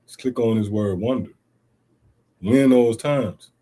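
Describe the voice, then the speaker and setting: A middle-aged Bible teacher streams scripture lessons online, reading verses aloud and then unpacking them emphatically with rhetorical questions and casual, street-inflected asides like "see?" and "man." His voice is medium-pitched, slow and dark in tone.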